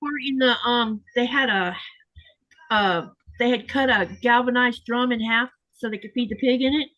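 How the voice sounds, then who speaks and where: A woman with a somewhat high voice hosts a casual sewing live stream. She tells rambling home stories and reads out viewer comments in an easy, chatty way. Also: normal speed, bright, forceful tone, highs cut off. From Florida. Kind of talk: casual chat while sewing.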